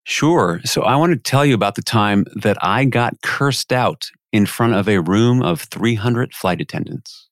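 A man's voice: fairly low pitch, unhurried, hardly any pauses, no echo, clean studio sound. A man, a podcast guest, telling a story in a conversational way and acting out the voices of the people he quotes. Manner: animated, acts out quoted voices.

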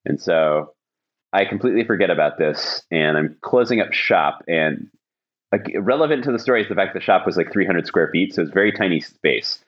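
Man, very deep voice, podcast host, rambling anecdote, lots of fillers, dull lo-fi sound. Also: expressive, moderate pace, fairly bright tone, husky. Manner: rambling anecdotal telling with many fillers and restarts. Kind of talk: casual storytelling chat.

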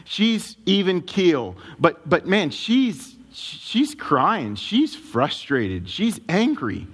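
A man preaching a sermon as a pastor, telling a personal story in an animated, emotional way. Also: sits high, extremely slow, breathy edge.

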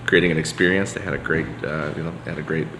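A man's voice: rumbling low, steady tone, fast. A man talking as a podcast guest, telling stories in a loose, rambling way with lots of fillers and restarts. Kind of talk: casual conversation, storytelling. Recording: echoey room with long reverb and faint hiss.

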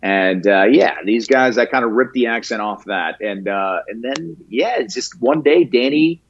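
A man chatting casually as an interview guest, talking in a halting way with many restarts and easy laughter. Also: mid-range voice, muffled recording. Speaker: guest, prank video creator.

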